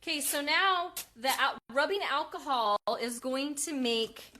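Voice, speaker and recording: A woman's voice: sits high, animated, a little slow, bright, forceful tone. A woman hosting a casual craft live stream, chatting and reading out viewer comments.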